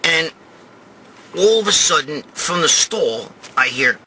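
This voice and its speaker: A middle-aged man from New York hosting his own show, telling a crude, profane story and shouting in bursts. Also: on the high side, very animated, takes it slowly, background noise. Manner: loud, crude, swears constantly, shouts in bursts. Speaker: host. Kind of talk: profane storytelling rant to camera.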